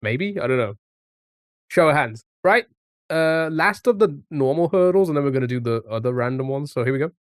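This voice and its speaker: A man's voice: a little high, lively intonation, a little fast, no echo, clean studio sound. A man live streaming a music guessing game, chatting casually and reacting to his chat as he plays.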